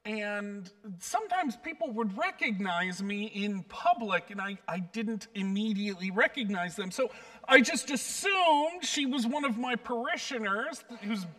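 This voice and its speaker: A pastor with a drawl preaches slowly in a high, bright voice. He tells personal stories with a light, self-deprecating wit. The recording picks him up from a little way back from the mic. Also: distant mic. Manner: warm storytelling, light self-deprecating humor.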